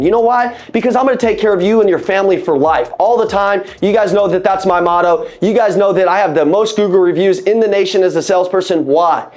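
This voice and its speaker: High-pitched, fired-up male sales trainer. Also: fairly quick, hardly any pauses. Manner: animated, emphatic, repeats key phrases; casual, addresses audience as "guys" and "bro". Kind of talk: energetic sales training talk on a video call.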